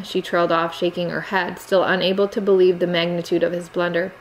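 A woman narrating a novel in a steady, measured storytelling voice. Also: lowish voice, slight background noise, poor audio. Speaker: audiobook narrator. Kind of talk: scripted narration.

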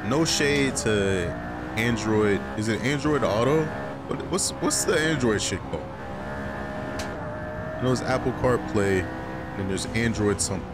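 A man with a fairly low voice talks a little slowly and leaves long pauses. He's a gaming YouTuber giving rambling, excitable commentary full of swearing and filler, with loud game music behind him along with loud music and engine noise from cars.

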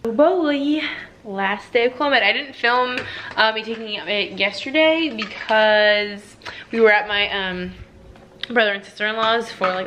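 Young woman, casual home vlogger, bright tone with some vocal fry, faint hiss behind. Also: medium pitch. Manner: chatty, frequent "like" fillers. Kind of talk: casual personal vlog.

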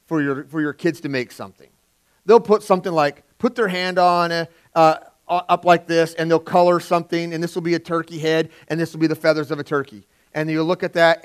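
A middle-aged male pastor preaching a sermon in a conversational way, swinging from loud emphasis to quiet asides. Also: a little high, fairly even intonation, a little fast, clear, resonant tone. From California.

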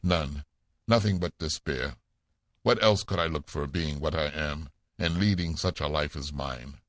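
A man's voice: extremely low pitch, unhurried, fairly bright tone, no room sound, clean studio sound. A man voicing an anguished, guilt-stricken male minister in a storybook reading. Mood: despairing.

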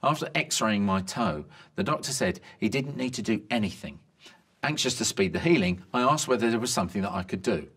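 A man reading a string of medical jokes in a lively delivery. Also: lowish voice, a little fast, breathy edge. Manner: lively joke delivery, bright voices for quoted lines.

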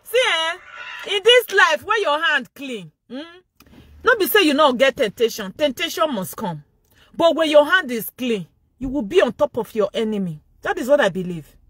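A Nigerian-accented woman with a very high, bright, piercing voice hosts a gossip commentary vlog. Her pitch swings widely as she mocks and laughs loudly between phrases. The sound is close and dry. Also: lively intonation, moderate pace, no echo. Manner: mocking, laughs loudly and often. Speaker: vlogger and show host.

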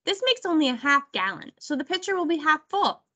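A woman's voice: sits high, very animated, fairly quick, bright, forceful tone, lo-fi sound, pitched above the performer's own voice, heavily acted. A woman voicing a sensible older sister who coaxes and organizes the other children in a storybook read-aloud. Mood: coaxing. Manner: coaxing, organizing.

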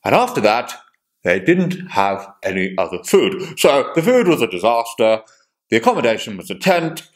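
A man's voice: medium pitch, big pitch swings, moderate pace, lightly acted. A man doing a prim, indignant lady tourist. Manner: prim, affronted complaining. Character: indignant middle-aged British woman tourist complaining.

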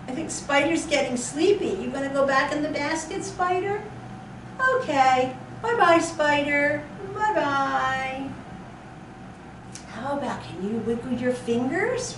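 High, lively librarian reading to toddlers. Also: female voice, slow pace, noisy background. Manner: sing-song, gasping, playfully animated. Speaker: children's librarian. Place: library room. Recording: echoey room, mic far off.

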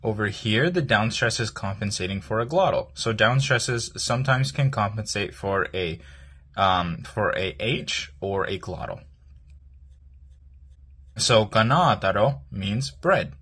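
A man with a low, husky voice walks through a language lesson, explaining each part of a word. He talks in a hesitant, explanatory way, with plenty of fillers and pauses. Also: expressive, fairly bright tone. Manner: explanatory, hesitant with many ums. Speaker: language teacher.

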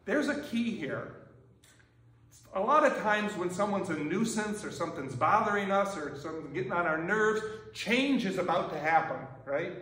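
A man preaching a sermon, chatty and conversational, often asking the congregation "right?". His voice sits a little high for a man. It is caught from far off in a reverberant church sanctuary. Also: animated, normal speed, a bit bright. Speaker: pastor.

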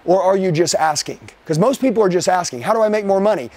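A high-pitched man runs a live sales training session for his team, with no echo on the recording. He speaks forcefully, keeps throwing rhetorical questions at his listeners, and shifts his pace faster and slower to hammer points home.

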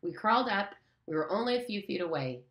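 A proud, hot-tempered boy who leads the hunters, as a woman reads him aloud. He is bossy and blustering, and his lines rise a little above the reader's low voice. Audiobook reading. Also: expressive, brisk, a bit bright, echoey room. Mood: defiant.

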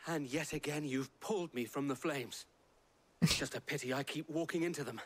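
A man's voice: on the high side, a little fast, lightly acted. An actor playing a loyal, wry male soldier in a video game. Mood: earnest.

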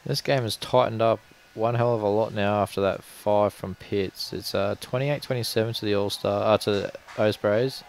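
A man commentating a lawn bowls livestream in relaxed, jokey banter. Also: lowish voice, moderate pace, gravelly, hardly any pauses. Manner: laid-back, jokey banter.

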